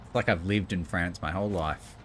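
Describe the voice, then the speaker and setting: A man's voice: deep voice, steady tone, fairly quick, fairly bright tone, a little hiss or hum. A man, joking and rambling casually while he streams a game. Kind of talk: casual gaming commentary.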